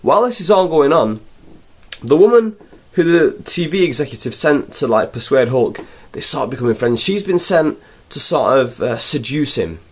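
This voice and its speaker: A man's voice: on the high side, lively intonation, moderate pace. A young man reviewing a film in a rambling, sarcastic, casual way. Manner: rambling, sarcastic, full of fillers.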